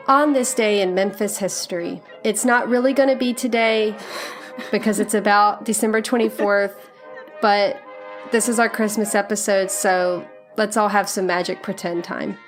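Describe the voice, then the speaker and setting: A woman hosting a podcast, chatting casually and teasing her co-host. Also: mid-range voice.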